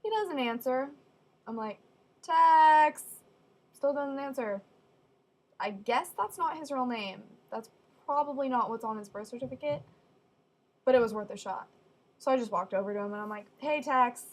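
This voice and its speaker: A young woman telling funny stories casually, with deadpan asides. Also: fairly high pitch, normal speed, long pauses. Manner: chatty, deadpan asides, acts out quoted voices. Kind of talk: casual storytelling.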